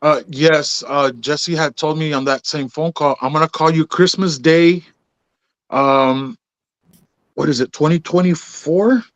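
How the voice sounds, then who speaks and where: A man's voice: a little high, steady tone, measured pace, no room sound, muffled recording. A man on an interview show, casually telling his story, calling people "bro" and "man" and acting out the dialogue he quotes. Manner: laid-back, drops in "bro" and "man", acts out quoted dialogue. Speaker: podcast host telling his story as a guest.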